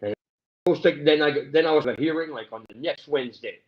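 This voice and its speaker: This fast-talking male guest from Canada has a voice on the high side. Telling his own story on a livestream, he is rambling, aggrieved and very profane, and the sound quality is dull.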